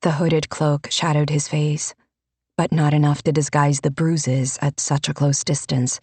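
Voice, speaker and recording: A woman narrating a fantasy audiobook in a measured, unhurried storytelling manner. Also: low-pitched, little pitch movement, a little mellow, breathy edge, no room sound.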